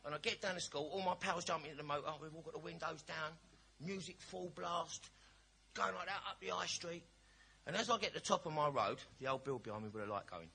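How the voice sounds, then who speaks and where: A man's voice: a little high, sharp tone, slight background noise. Man sharing a blunt, jokey recovery story. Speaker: recovery meeting speaker. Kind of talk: personal recovery share.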